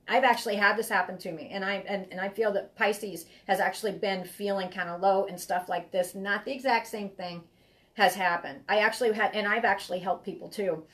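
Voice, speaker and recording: A woman reads tarot live for her viewers. She talks in a rambling, heartfelt way, circling back and repeating her phrases. Her voice sits at an ordinary middle pitch. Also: a bit bright. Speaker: tarot reader. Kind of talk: live-streamed tarot reading.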